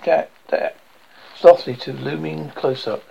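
A man reading a screenplay aloud, stage directions included, in a plain, halting way. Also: on the high side, fairly even intonation, vocal fry, lo-fi sound. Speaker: script reader.

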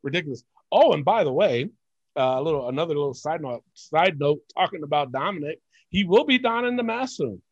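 A man's voice: on the high side, fairly quick, no echo, lo-fi sound. A man from Puerto Rico co-hosting a wrestling podcast, ranting bluntly and swearing freely in casual chat. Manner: blunt, profane, animated rants. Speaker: podcast co-host.

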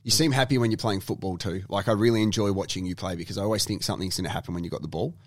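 A man's voice: low voice, rapid-fire, dry recording, studio quality. A man with an Australian accent hosting a podcast, chatty and teasing his guest. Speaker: podcast host. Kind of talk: casual podcast interview.

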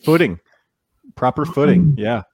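A man's voice: mid-range voice, unhurried, slightly rough, dry recording, studio quality. A man, a baseball player being interviewed, chatting casually and acting out the voices of people in his stories. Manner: animated storyteller who acts out quoted voices.

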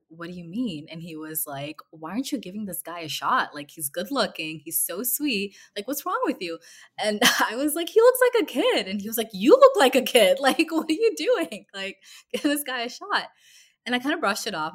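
A woman in her twenties with a low, grounded voice tells a dating story in a relaxed, chatty way. She fills it with "like" and "um" and acts out little bits of dialogue. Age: 20s. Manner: chatty, many fillers and quoted dialogue. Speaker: guest telling a dating story. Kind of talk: casual storytelling.

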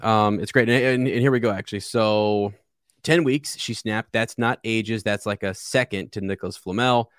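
A man's voice: on the low side, fairly even intonation, normal speed, a bit bright, smooth, no echo, clean studio sound. A man co-hosting a casual podcast about a book, enthusiastic and rambling with many restarts. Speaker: podcast co-host.

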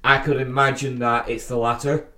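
A man co-hosting a podcast, swearing freely and giving animated opinions with frequent restarts. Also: medium pitch, normal speed. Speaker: podcast co-host. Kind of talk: casual podcast chat. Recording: roomy echo.

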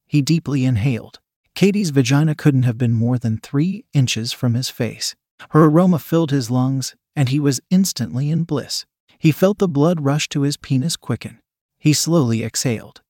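A man narrating a scripted story in a measured, steady reading manner. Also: medium pitch, dry recording, clean studio sound.

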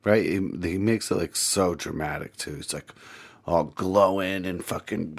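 A man's voice: sits low, steady tone, moderate pace, gravelly, husky. A man co-hosting a podcast, chatting about a movie in a laid-back, profane way. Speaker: podcast co-host. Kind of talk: casual movie review chat.

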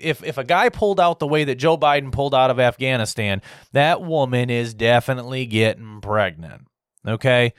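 A man's voice: medium pitch, no room sound, studio quality. A man in a heated political rant, angry and repetitive, stumbling over restarts as he talks. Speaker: political commentator.

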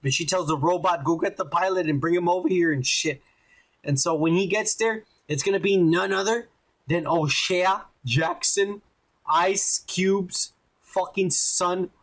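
A fairly high-voiced man talks in loose, rambling podcast chat, swearing constantly and getting worked up as he goes. His delivery is excitable and profane throughout. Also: measured pace. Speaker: podcast co-host. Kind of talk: casual chat.

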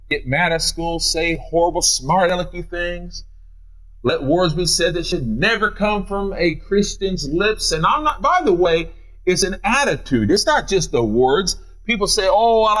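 A man's voice: on the high side, a bit bright, rough recording. A middle-aged man with a Midwestern American accent preaching a sermon from a church pulpit, with big swings in delivery. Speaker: pastor. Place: church sanctuary.

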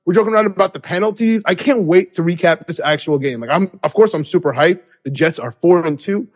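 A young man hosting a podcast, telling an excited, rambling story with many restarts. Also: high-pitched, a little fast, breathy edge. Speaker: podcast host. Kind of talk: excited casual recap.

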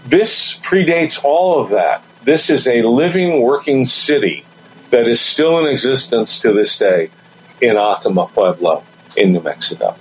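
A man's voice: mid-range voice, big pitch swings, measured pace. A man on a radio talk show, eagerly rattling off historical dates and mimicking what other people tell him. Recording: dull lo-fi radio broadcast with light noise.

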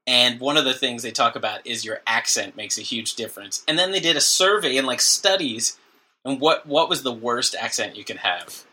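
A man's voice: mid-range voice, animated, moderate pace, bright, forceful tone, husky. A man co-hosting a podcast, chatting casually and joking with frequent laughs. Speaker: podcast co-host. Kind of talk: casual chat.

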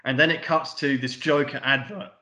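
A man's voice: medium pitch, steady tone, normal speed, pushed and bright. Rambling man recapping a film. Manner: rambling retelling with offhand paraphrased dialogue and swearing. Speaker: podcast co-host. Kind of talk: casual film recap chat. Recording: roomy echo.

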